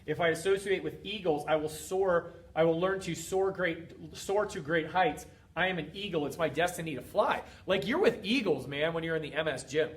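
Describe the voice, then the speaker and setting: At normal speed and with few pauses, a middle-aged man in a fairly high voice hosts a motivational livestream as a fitness coach. He hammers his points emphatically, repetitively and preachily.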